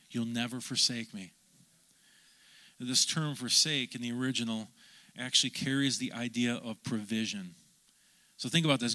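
Pastor guy preaching, bright voice, gets people to answer back. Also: mid-range voice. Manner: animated, calls for audience response. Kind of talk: sermon.

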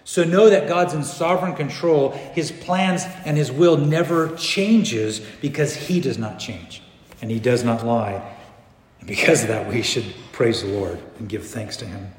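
A man preaching a sermon as pastor, animated, swinging between loud bursts and hushed passages. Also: medium pitch, a little slow. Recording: echoey hall.

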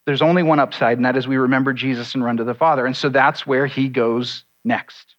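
A man's voice: mid-range voice, steady tone, a little fast, fairly bright tone, muffled recording. A pastor delivering a conversational sermon to his congregation, with asides and small jokes to the listeners. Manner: conversational, self-deprecating preaching with asides to the congregation.

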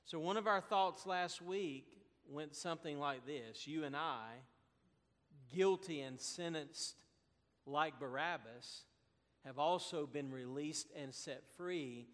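A man preaching a sermon as pastor, slow and deliberate with emphatic pauses. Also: fairly high pitch, fairly bright tone, big-room sound.

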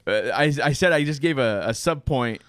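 A man's voice: fairly high pitch, animated, fairly quick, fairly bright tone, smooth, dry recording, clean studio sound. An American man, a pastor, talking about his sermon in a rambling, self-interrupting way and laughing often. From United States. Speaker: pastor and preacher. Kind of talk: casual chat.

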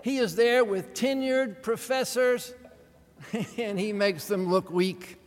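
A preacher delivers his sermon in a high, lively voice, leaning into drama and wry humor. Each phrase trails off into the long reverb of a large church hall.

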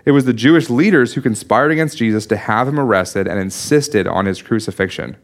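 A man's voice: on the low side, brisk. A man preaching a sermon, explaining a Bible passage in an earnest teaching manner with frequent restarts and small asides. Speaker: pastor.

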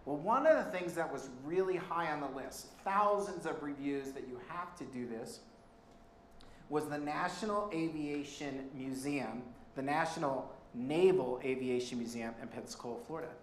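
A man preaches in a church sanctuary, spinning a personal anecdote in a chatty, animated way. His voice sits a bit high for a man, and the sound carries a roomy echo with faint background noise. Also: normal speed. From Colorado. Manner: conversational, animated anecdotes with laughs. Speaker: pastor. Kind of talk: sermon storytelling.

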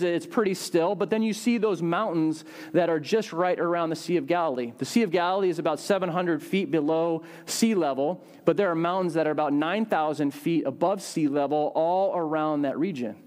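A young adult male pastor giving a casual, animated sermon, acting out voices with big jumps in pitch.

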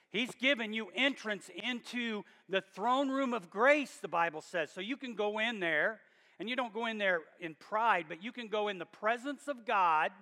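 A man's voice: sits high, sharp tone. A man preaching a sermon to his church, talking directly to the congregation and pressing his points with emphatic bursts. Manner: emphatic, rising to bursts of volume. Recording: long reverb of a hall.

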